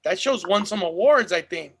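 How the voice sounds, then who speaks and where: A man's voice: sits high, animated, normal speed, a bit bright, breathy edge. A man hosting a casual podcast, chatting in a loose, profane, laid-back way. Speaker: podcast host.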